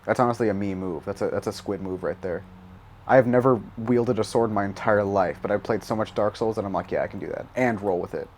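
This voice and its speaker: Over a faint hiss or hum, a young gaming YouTuber talks fairly quickly in a low, slightly mellow voice while driving in a game. His commentary wanders, he swears often, and he keeps laughing at his own self-mocking jokes.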